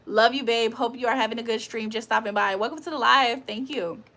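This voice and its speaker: A woman's voice: fairly high pitch, a little fast, bright, forceful tone. A young woman hosting a casual livestream, reading chat aloud and laughing often. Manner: chatty, laughs often, reads comments aloud.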